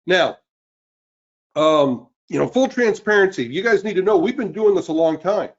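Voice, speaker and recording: A man's voice: sits high, expressive, moderate pace, highs cut off. Upbeat man in his fifties hosting. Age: 50s. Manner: upbeat, greets listeners by name. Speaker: webinar host. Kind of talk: live webinar sales pitch. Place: cold indoor room.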